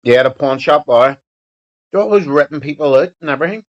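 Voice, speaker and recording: A man's voice: on the high side, animated, fairly quick, lo-fi sound. A man, chatting casually and rambling while live streaming, swearing and joking. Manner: profane, rambling, joking banter.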